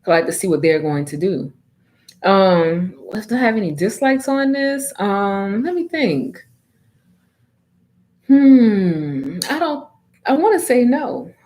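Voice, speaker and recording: A woman giving a casual anime review, talking in an animated, emphatic way with plenty of slang. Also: mid-range voice, slow.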